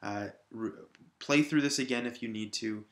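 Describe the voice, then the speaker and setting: A man with a medium-pitched voice teaches high school English in a recorded video lesson, speaking at a moderate pace in a reverberant room. Patiently, he repeats examples aloud to emphasize each syllable.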